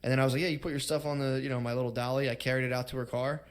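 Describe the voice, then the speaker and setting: A man's voice: mid-range voice, steady tone, racing. A man in his thirties, a podcast co-host, telling crude stories in a rambling, casual way and acting out quotes. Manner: rambling, laughs often, acts out quotes.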